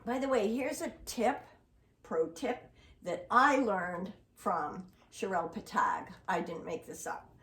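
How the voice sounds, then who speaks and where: Brief: woman dog trainer, unhurried, explanatory and affectionate, distant mic in a roomy space. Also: mid-range voice, animated, a bit bright. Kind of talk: training demonstration with commentary.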